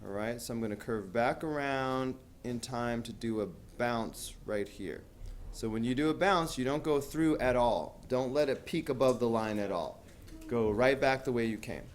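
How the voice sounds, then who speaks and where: A man's voice: medium pitch, moderate pace, a little hiss or hum. A man teaching a math class, talking casually with lots of fillers and asking students questions. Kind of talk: classroom lecture.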